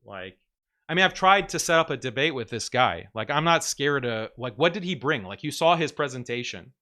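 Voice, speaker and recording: A young adult man hosting a casual livestream, reading viewer comments and answering them in a mocking, animated way, full of "like". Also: medium pitch, moderate pace. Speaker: livestream host reading super chats.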